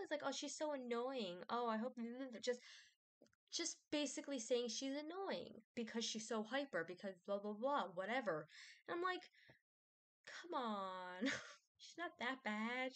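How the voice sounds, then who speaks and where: A woman vlogger rambling casually, with many fillers, restarts and self-doubt. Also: mid-range voice.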